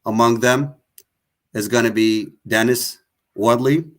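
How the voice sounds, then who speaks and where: A man's voice: mid-range voice, steady tone, takes it slowly. A man speaks with raw, impassioned force on his online show. He repeats his points and accuses his listeners directly. His voice sits in an ordinary middle range. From Tigray. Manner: emotional, accusatory, repetitive. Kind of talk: impassioned political talk.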